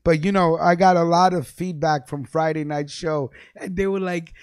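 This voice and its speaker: A man's voice: fairly high pitch, moderate pace, clear, resonant tone, dry recording, studio quality. A man hosting a live talk show, telling stories with lots of laughter in casual banter. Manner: animated storytelling, laughs often. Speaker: radio show host.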